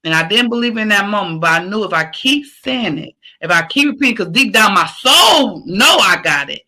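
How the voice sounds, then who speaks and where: Signing off her podcast, a woman gives a fired-up motivational speech in a very animated, bright, forceful medium-pitched voice at normal speed, on a rough recording. She repeats every point again and again, preaching encouragement in casual slang with the occasional curse word.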